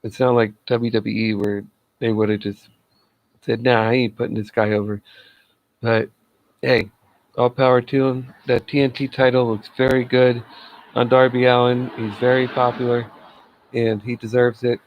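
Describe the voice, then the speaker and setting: A man's voice: mid-range voice, flat delivery, normal speed, dry recording, muffled recording. A man giving a casual solo review of a wrestling show, chatty and laughing at his own jokes.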